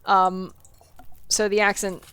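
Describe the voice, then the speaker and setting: A woman's voice: medium pitch, little pitch movement, takes it slowly, fairly bright tone, clean tone, no room sound. A woman from the Southern US, with a faint Southern accent, chatting casually with viewers while streaming a game, giggling and saying "like" a lot. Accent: Southern US, mostly suppressed. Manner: chatty, giggly, answers chat, many "like" fillers. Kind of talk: casual gameplay chat with viewers.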